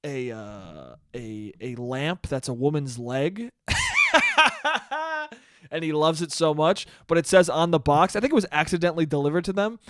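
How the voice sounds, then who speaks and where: A man's voice: a little high, animated, moderate pace, no echo, studio quality. A man in his twenties hosting a casual solo podcast, rambling through stories, swearing freely and laughing at his own jokes. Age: 20s. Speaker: podcast host.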